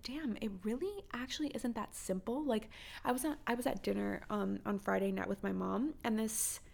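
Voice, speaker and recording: A woman's voice: medium pitch, vocal fry. A young woman hosting a podcast, giving blunt dating advice in casual chat, swearing freely and firing off emphatic rhetorical questions. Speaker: podcast host.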